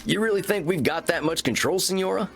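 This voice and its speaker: An actor with a Southern American accent voicing a laid-back cowboy vampire therapist who talks in an easygoing, probing way in a video game. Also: male voice, sits high, fast talker, gravelly.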